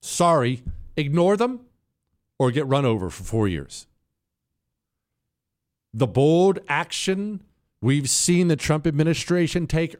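Ranting male talk radio host. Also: on the high side. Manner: emphatic, ranting, mocking; mimics others in whiny quotes. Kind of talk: opinion monologue.

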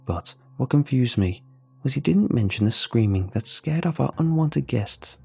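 A man narrating a first-person horror story, with steady, measured storytelling. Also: mid-range voice, vocal fry, husky. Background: faint music.

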